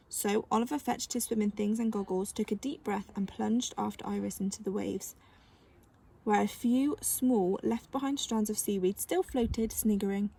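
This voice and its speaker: A woman reading a children's novel aloud with gentle, expressive storytelling. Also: mid-range voice, moderate pace, creaky, slightly rough. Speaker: narrator.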